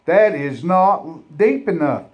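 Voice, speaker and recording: A man voicing his stern older father in a story, gruff and clipped. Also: fairly high pitch, expressive, slow, a little mellow.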